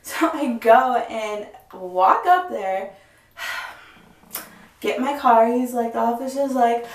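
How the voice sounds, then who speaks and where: A young woman vlogger telling a story in a casual, animated and profane way. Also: a little high, takes it slowly, vocal fry, distant mic. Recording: echoey room, voice off-mic.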